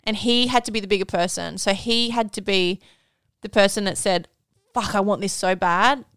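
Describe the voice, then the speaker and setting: A woman's voice: mid-range voice, moderate pace, fairly bright tone, smooth, dry recording, studio quality. A woman, co-hosting a podcast and telling a personal story in casual chat, candid and swearing freely. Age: 30s. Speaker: podcast co-host.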